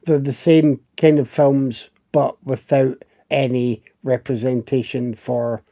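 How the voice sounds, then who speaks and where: Wry man with a gravelly voice. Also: mid-range voice, little pitch movement, slow, warm tone. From Britain. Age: middle-aged. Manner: wry, chatty storytelling. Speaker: podcast co-host. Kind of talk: casual chat.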